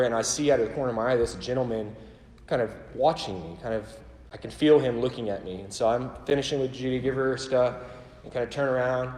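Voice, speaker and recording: A man's voice: mid-range voice, darkish tone. Man, church talk, casual storytelling, self-deprecating, lots of fillers, roomy echoey hall. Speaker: church ministry worker. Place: church auditorium. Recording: echoey hall with long reverb.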